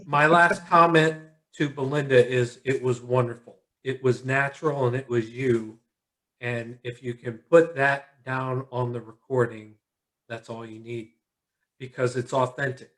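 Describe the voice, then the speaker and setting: A tired man hosting a casual video call chat, relaxed and encouraging, rambling a little. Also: mid-range voice, a little slow. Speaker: host.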